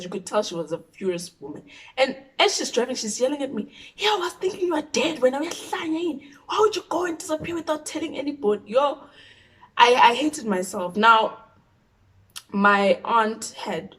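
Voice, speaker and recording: A young woman with a South African accent telling a personal story, animated, dropping into whispers for asides. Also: medium pitch, distant mic, rough recording. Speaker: YouTuber. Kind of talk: storytime vlog.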